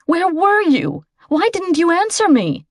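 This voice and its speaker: A woman reading a novel aloud, voicing a frightened, tearful teenage girl in a high, strained, pleading voice. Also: sing-song, unhurried, no echo, clean studio sound, exaggerated voice. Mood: upset.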